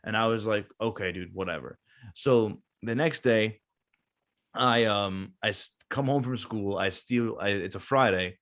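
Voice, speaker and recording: A man's voice: fairly low pitch, unhurried, fairly bright tone. A man around thirty, a veteran business owner, telling a long casual story as a guest, with lots of fillers and restarts. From New Jersey.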